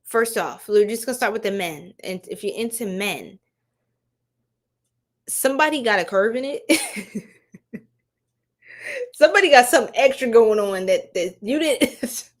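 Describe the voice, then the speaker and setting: Young woman tarot streamer, slightly high voice, unhurried, laughs a lot, slangy chat with her viewers. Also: lively intonation. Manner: giggly, slangy, chatting to viewers. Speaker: tarot reader livestreaming. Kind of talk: casual livestream tarot reading.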